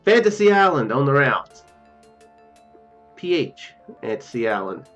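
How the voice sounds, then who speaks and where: A man's voice: medium pitch, sing-song, measured pace, a bit bright. A man playing a text adventure, reading the text aloud with restarts and joking asides. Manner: reads on-screen text with restarts and asides, laughs easily. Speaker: let's play gamer reading game text. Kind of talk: casual let's play commentary and reading aloud. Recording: dull muffled recording with faint game music.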